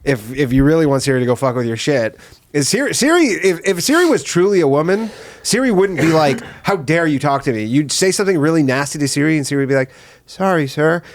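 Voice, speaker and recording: A man co-hosting a comedy podcast, rambling casually with profanity and quick acted-out bits. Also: a little high, lively intonation. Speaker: podcast co-host.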